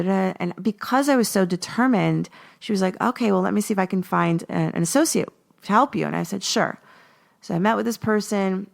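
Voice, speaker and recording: A woman's voice: medium pitch, creaky. A woman in her forties hosting a podcast, chatting casually and animatedly as she tells a personal story and acts out her own past words. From Los Angeles. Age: 40s. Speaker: podcast host.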